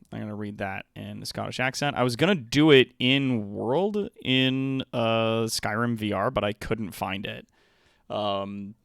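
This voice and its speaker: A man's voice: fairly low pitch, gravelly, fairly bright tone, smooth, no echo. A man chatting casually to his viewers as host of a live stream, upbeat and rambling with plenty of fillers, on a close desk microphone.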